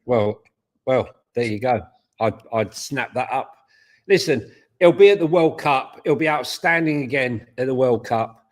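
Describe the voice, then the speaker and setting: A man co-hosting a casual football watchalong, blunt and excitable, swearing at missed chances. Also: medium pitch, unhurried. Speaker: co-host.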